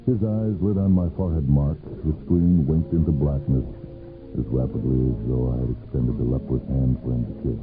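A man narrating a first-person story for radio, with a measured, brooding delivery and long pauses. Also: a bass voice, steady tone. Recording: lo-fi narrow-band 1970s radio recording with faint music.

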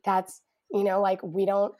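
A middle-aged woman clinician, a podcast guest, explaining parenting ideas in a calm, reassuring way. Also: medium pitch, measured pace. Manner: warm, reassuring, explains calmly. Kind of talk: casual podcast conversation.

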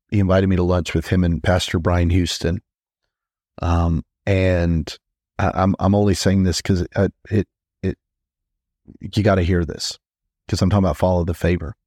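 A man's voice: sits low, a little mellow, no echo, studio quality. A man, a pastor hosting a podcast, teaching in a conversational way, repeating phrases for emphasis and restarting his sentences often. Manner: frequent quick restarts and stammers.

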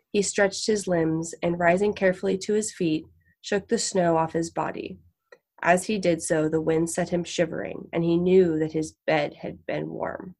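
A woman narrating a short story in a measured, steady reading. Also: on the low side.

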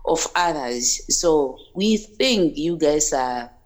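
Woman, from Africa, podcast guest, lowish voice, earnest, repeats words, casual chat. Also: lively intonation, takes it slowly. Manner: earnest, repeats words as she searches for them.

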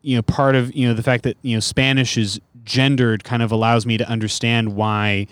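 A man's voice: mid-range voice, little pitch movement, fairly quick, clear, resonant tone, no room sound. Rambling man on a dry mic. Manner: rambling, many fillers. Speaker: comedian guest. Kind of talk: casual podcast chat.

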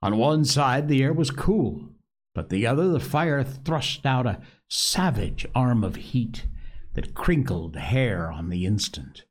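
A man narrating a novel aloud with a slow, deliberate, expressive delivery. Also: mid-range voice. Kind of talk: audiobook novel reading.

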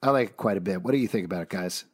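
A man's voice: sits low, husky. Chatty man presenting comic picks. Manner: chatty, reads out book credits briskly. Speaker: podcast co-host presenting comics. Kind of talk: casual comic review chat.

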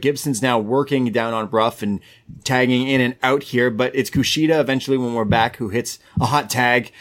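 A man co-hosting a podcast, recapping a wrestling show move by move in casual chat with quick asides. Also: mid-range voice. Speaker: podcast co-host.

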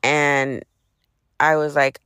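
A woman's voice: low voice, very slow, clear, resonant tone, dry recording, clean studio sound. A woman hosting a podcast, casually telling a personal story in a profane, sarcastic way. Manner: profane, sarcastic, animated retelling. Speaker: podcast host.

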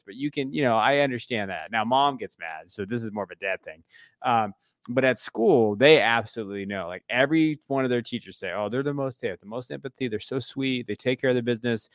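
A man's voice: mid-range voice, a bit bright, no room sound, studio quality. A man in his thirties, a tired podcast co-host, chatting casually and rambling with lots of fillers and offhand swearing.

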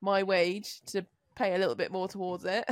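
A woman's voice: mid-range voice, little pitch movement, normal speed, dry recording, studio quality. Chatty woman, teasing. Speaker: podcast co-host. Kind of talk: casual chat.

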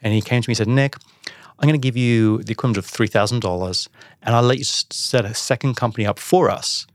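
A man telling a personal business story in a casual interview, acting out the dialogue with animated voices. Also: medium pitch, fast, no echo, clean studio sound. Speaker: podcast guest, entrepreneur.

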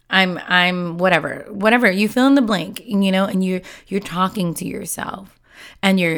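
A woman's voice: lowish voice, smooth. A woman giving a casual, heartfelt motivational talk, speaking candidly and using many fillers. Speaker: self-help speaker.

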